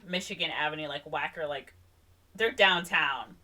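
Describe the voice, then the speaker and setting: A young woman retells a film's plot for her podcast co-host in loose, casual chat. Her voice is bright and clear, and she slips into quick voices for the characters' lines as she goes. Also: deep voice. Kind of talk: casual movie recap chat.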